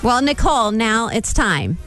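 A woman's voice: on the high side, sing-song, measured pace, a bit bright, faint music behind. A woman co-hosting a morning radio show, giggling and teasing her partner. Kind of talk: casual radio banter. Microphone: studio microphone.

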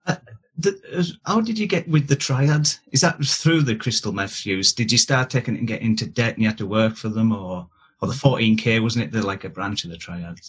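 A male interviewer asks casual, stacked questions with ums and uhs. His voice is low and husky. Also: fairly quick. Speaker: podcast host, interviewer.

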